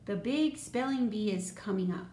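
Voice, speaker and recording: A woman's voice: medium pitch, lively intonation, normal speed, mellow, close to an everyday voice. A woman voicing an eager, clever young girl in a storybook, upbeat and keen. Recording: roomy echo, faint noise.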